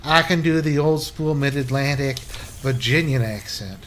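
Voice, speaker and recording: A man voicing a proud, affluent old-school Southern gentleman with a put-on Southern US accent who calls the listener son. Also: mid-range voice, a little slow, a little hiss or hum, natural voice. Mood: boastful.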